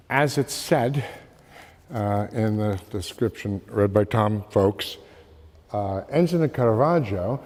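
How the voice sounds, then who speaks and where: A man giving an art history slide lecture, halting with many fillers and calling for the next slide. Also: medium pitch, dark tone. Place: lecture hall. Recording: long hall reverb.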